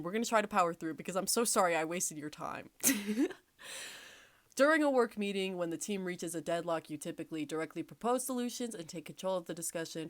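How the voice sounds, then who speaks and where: A woman's voice: on the low side, dry recording. A woman hosting a casual podcast, reading quiz questions aloud with sarcastic, swear-filled asides and frequent laughter. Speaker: podcast host.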